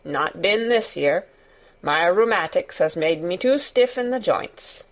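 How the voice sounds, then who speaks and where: A woman's voice: lowish voice, animated, a little slow. A woman doing a grumbling old gardener. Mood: gruff. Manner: grunting, grumbling, curt. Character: grumbling old male gardener, gruff and cross.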